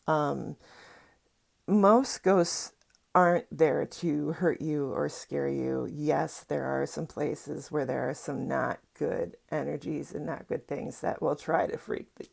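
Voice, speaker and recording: A middle-aged woman talking casually to camera in a low, gravelly voice. She rambles along with fillers and asides, and her tone is dark and slightly husky. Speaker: psychic and spiritual teacher.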